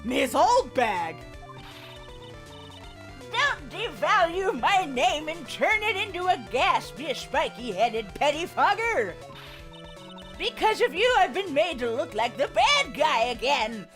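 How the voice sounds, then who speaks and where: A woman putting on a cranky old woman who scolds and rants in a loud, high, swooping voice. She sounds stubborn and outraged, with a slow, deliberate delivery. It comes across as a comic game character. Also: big pitch swings, faint music behind, heavily acted. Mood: indignant ranting. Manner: ranting, scolding. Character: shrill, furious old woman guard.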